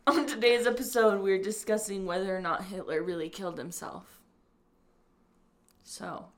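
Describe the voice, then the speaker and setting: A young woman co-hosting a casual podcast, excitable and giggly. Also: medium pitch, normal speed, slight background noise. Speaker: podcast co-host. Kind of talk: casual chat.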